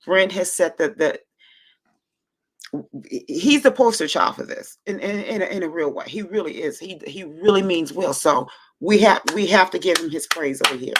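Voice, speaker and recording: A woman with a husky, fairly low voice hosts a casual livestream at a normal pace. Moved almost to tears, she gushes emotionally, stammering and repeating herself.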